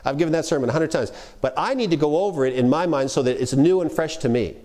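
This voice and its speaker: A middle-aged man giving a conversational workshop lecture on preaching, animated and acting out quoted speech. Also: fairly high pitch, fast talker. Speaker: preaching instructor.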